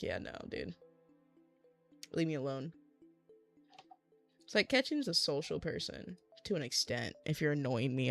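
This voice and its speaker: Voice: medium pitch, vocal fry. A young adult craft livestreamer telling a long, exasperated story in a rambling, casual way while working on a craft, acting out what other people said. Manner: rambling, exasperated venting with acted-out quotes.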